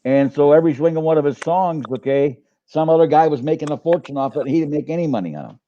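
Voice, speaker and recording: A man's voice: on the high side, fast, lo-fi sound. An older man who works as a coach, chatting on a live stream in a rambling way with many restarts. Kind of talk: casual live-stream chat.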